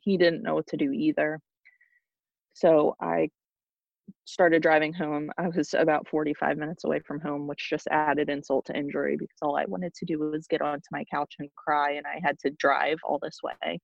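A young woman, a podcast guest, telling a personal story in a halting way with frequent restarts. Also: deep voice, flat delivery, vocal fry, dry recording. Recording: dull lo-fi dry sound.

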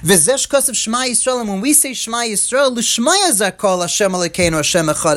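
A man's voice: very high voice, normal speed, few pauses, a bit bright. A man giving a Torah class, reading Hebrew quotes and explaining them in English, with emphatic repetitions and questions to his listeners. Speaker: Torah teacher.

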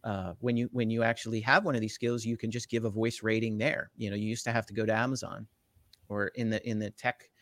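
A man's voice: lowish voice, fast talker, no room sound. A man from the Jersey Shore with a New Jersey accent, explaining technology in a casual interview and often checking in with "right?". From Jersey Shore, USA. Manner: animated, lots of "right?" tag questions. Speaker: tech company guest.

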